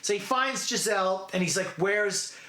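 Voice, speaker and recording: A man giving a casual, animated movie recap, chatty and full of "dude" and "okay". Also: sits high, moderate pace, roomy sound, a little hiss or hum. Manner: animated storytelling, acts out quotes. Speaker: movie reviewer.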